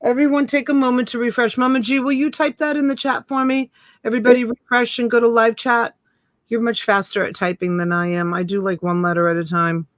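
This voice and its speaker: A woman's voice: fairly high pitch, level tone, a little fast, dry recording, studio quality. A woman hosting a live online reselling auction, chatting casually and greeting viewers by name with endearments like honey and sweetheart. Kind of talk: casual live-stream selling banter. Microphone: USB desk mic.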